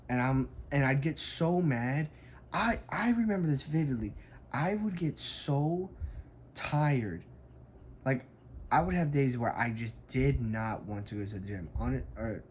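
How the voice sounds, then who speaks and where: A young adult man who works as a fitness coach tells a story in a casual vlog, sounding emphatic and frank and saying "like" a lot. His voice is medium-pitched, with slight background noise.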